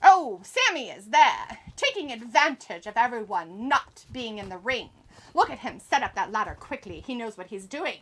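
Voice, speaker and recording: Speaking at a moderate pace with a husky, slightly high voice, she sounds very animated. As host of a wrestling watch-along stream, she jokes through live commentary and chat, teasing folks, calling them darling, and tossing off giggly asides.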